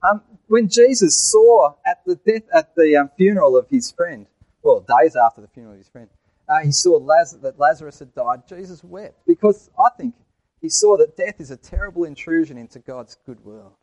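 Man preaching a lively sermon. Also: fairly high pitch, moderate pace, no room sound, low-quality recording. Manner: asks the congregation questions, tells jokes. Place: church.

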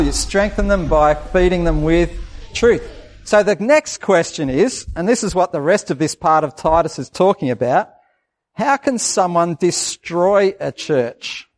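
Male pastor, lively children's sermon, slightly higher voice. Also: slight background noise. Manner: lively, asks the children questions and acts out voices.

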